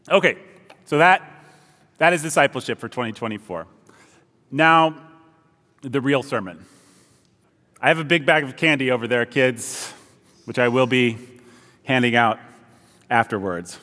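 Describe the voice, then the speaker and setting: A man with a somewhat high voice preaches at a church service, joking with the people in front of him. His voice carries a long reverb through the hall. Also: fairly bright tone. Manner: playful and chatty with the congregation. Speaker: pastor. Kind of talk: sermon.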